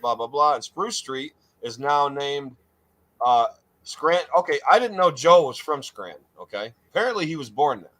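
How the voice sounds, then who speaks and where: A man's voice: medium pitch, expressive, normal speed, a bit bright. A man hosting a live talk show, chatting loosely with many restarts and putting on a mock-grand tone for introductions. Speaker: podcast host. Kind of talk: casual live show chat.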